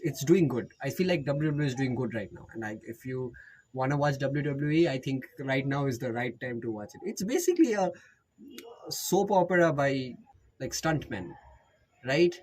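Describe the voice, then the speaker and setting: A man's voice: medium pitch, a little mellow, rough recording. A man with an Indian accent, rambling jokily through casual recommendations as a YouTuber and often correcting himself. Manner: rambling, jokey, self-correcting.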